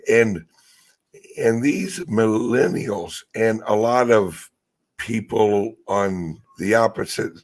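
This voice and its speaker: A man's voice: lowish voice, vocal fry, breathy edge. A man hosting a casual podcast conversation, talking bluntly with profanity and hesitant restarts. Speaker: podcast host.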